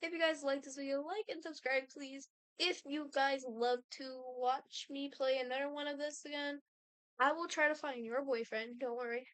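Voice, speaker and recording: High-voiced, excitable woman vlogger. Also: moderate pace, no room sound. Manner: excitable, shrieking and swearing. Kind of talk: casual game reaction chat.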